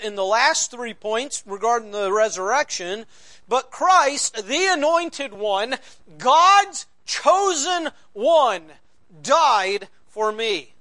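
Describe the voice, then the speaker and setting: Pastor, male, very high voice, slow deliberate sermon delivery that rises to loud stresses and drops to hushed lows. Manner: preaching with sweeping swings from loud emphasis to near-whispered lows; slow deliberate repetition of key phrases.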